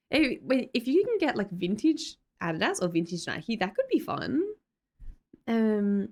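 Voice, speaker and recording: A woman's voice: fairly high pitch, vocal fry, a little mellow. A young Australian woman hosting a livestream, chatting casually with viewers and reading their comments, giggly and full of fillers and self-corrections. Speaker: livestream host.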